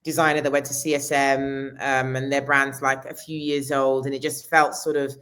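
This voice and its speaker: A woman's voice: rumbling low, level tone, moderate pace, fairly bright tone. A woman, a costume designer talking casually in an interview, with many restarts. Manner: chatty, many restarts and fillers.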